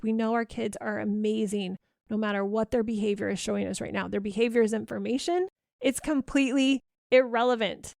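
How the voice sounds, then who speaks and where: A woman in her thirties hosting a solo parenting podcast, talking earnestly and coaching, and repeating gentle affirmations softly. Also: medium pitch, creaky, dry recording, studio quality.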